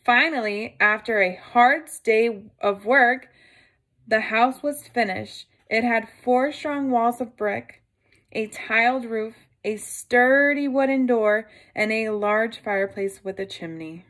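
A woman reading a picture book aloud to children, gently stopping to ask her listeners questions. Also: a little high, takes it slowly.

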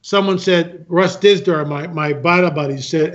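A man's voice: a little high, moderate pace, few pauses. A man speaking as a guest, telling stories with emphasis, repeating himself and acting out other people's lines. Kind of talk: animated storytelling talk. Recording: muffled lo-fi sound.

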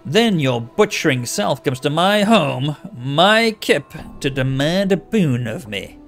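A man voicing a sly, withered old male tiefling fence who leans on a crutch, mocking and quick to anger. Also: fairly high pitch, very animated, faint music behind. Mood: furious. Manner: menacing, mocking, flares into fury.

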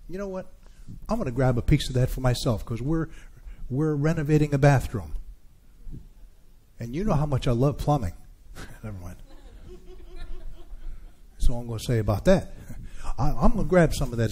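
Mellow-voiced man preaching a sermon. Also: mid-range voice, lively intonation, moderate pace, long pauses, slightly rough. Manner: preaching with rising calls to the congregation. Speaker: pastor.

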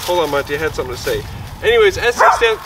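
A man's voice: a little high, big pitch swings, rapid-fire, distant mic, very noisy. A man vlogging outdoors on a frozen lake, chatting casually and talking to his dogs between remarks. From Michigan. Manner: chatty, talks to his dogs, rambling asides. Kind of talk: casual camping vlog talk.

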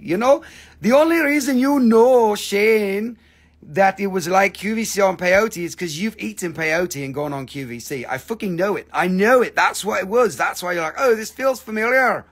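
A man hosting a live online rock and mineral sale, chatting casually, joking and swearing as he shows off pieces and their prices. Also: medium pitch. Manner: profane, joking, breaks into snippets of song. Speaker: live-stream crystal seller. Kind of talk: casual live sales chat.

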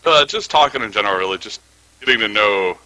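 A man's voice: lowish voice, lively intonation, fast, sharp tone, slight background noise, rough recording. A man playing in a tabletop game, joking and laughing easily. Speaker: player. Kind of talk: tabletop role-play chat.

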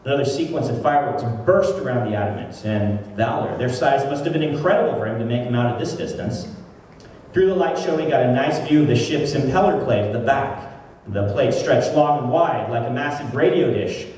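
A man's voice: medium pitch, animated, a little mellow. Man talking from far off in an echoey hall. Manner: casual, halting, many fillers. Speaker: author. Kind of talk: convention Q&A, then reading aloud. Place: convention hall. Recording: distant echoey hall, faint noise.

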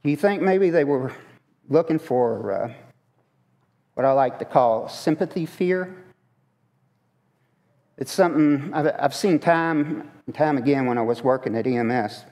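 A man delivers a sermon a little slowly, with long pauses, his medium-pitched voice darkish in tone. He keeps it conversational and asks the congregation questions, his words reverberating through the church sanctuary.

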